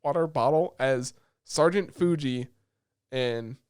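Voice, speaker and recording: A man co-hosting a podcast, excitedly retelling scenes in casual chat and swearing often. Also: medium pitch, takes it slowly, clear, resonant tone, dry recording, clean studio sound. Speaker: podcast co-host.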